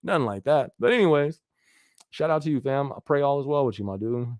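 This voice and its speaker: A man's voice: medium pitch, expressive, fairly quick, darkish tone, no room sound. A man hosting a casual live podcast, reading viewer comments and answering in a loose, chatty way with frequent laughs and fillers. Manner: laid-back, laughs often, frequent fillers like "you feel me". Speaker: livestream podcast host.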